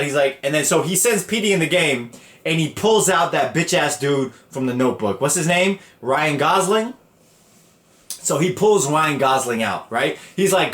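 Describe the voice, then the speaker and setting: A man hosting a podcast, retelling stories in a profane, animated, slangy rant. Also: fairly high pitch, echoey room. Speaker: podcast host. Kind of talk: casual storytelling rant.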